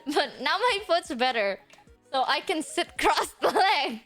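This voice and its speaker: A young woman streamer chats to her audience in a high, bouncing voice that swoops up and down. She tells a dramatic story and swears freely, in English that is not her first language. Faint music plays underneath. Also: takes it slowly. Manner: animated, swearing, dramatic retelling. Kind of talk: casual storytelling chat.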